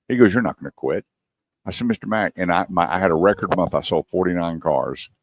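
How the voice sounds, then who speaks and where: A man's voice: low voice, animated, fast talker. A man hosting a radio talk show, telling a long story in a casual way and acting out the dialogue of the people in it. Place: radio studio.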